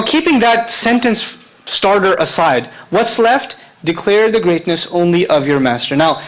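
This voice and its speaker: A man's voice: high-pitched, fairly bright tone, low-quality recording. A man. He speaks directly to his audience, often stops to ask them questions, and laughs easily as he explains. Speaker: Islamic lecturer. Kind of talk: lively lecture to a live audience.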